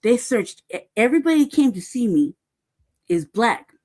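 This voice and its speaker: A woman with a slightly high, darkish voice, very animated and at normal speed, vents about events in a casual, cursing story. She punches every point and peppers her speech with "right?" and "cuz".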